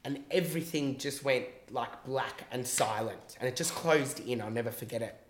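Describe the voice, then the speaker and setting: Telling a long story from his own life in casual podcast talk, this man speaks at a normal speed in a mid-range voice. He's animated, swears freely, and acts out the quotes, with a roomy sound to the recording.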